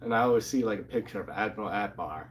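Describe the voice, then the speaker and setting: A man's voice: quick pace, slight background noise. A man casually recapping a comic book with a co-host, animatedly acting out the characters' lines. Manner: animated, acts out quotes in excited higher voices.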